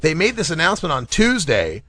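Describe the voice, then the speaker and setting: Lively, bright-voiced talk show host. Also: male voice, fairly high pitch, a little fast, no room sound. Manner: rambling, jokey, laughs often. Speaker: podcast host. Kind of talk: casual talk radio chat.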